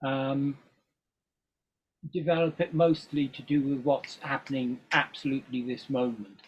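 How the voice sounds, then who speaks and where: A man's voice: mid-range voice, level tone, measured pace, slightly rough. An older man chatting as a guest in an interview, talking in a rambling way with frequent ums and restarts. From England. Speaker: guest musician. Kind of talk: casual interview chat. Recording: dull lo-fi recording.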